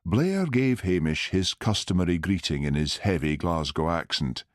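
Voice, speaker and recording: A man reading an audiobook in steady, measured scripted narration. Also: deep voice, dry recording, clean studio sound.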